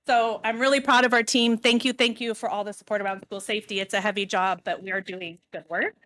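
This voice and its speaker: A woman delivering announcements at a school board meeting, warm and slightly emotional, with frequent "um"s. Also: medium pitch, steady tone, fast. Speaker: school district administrator.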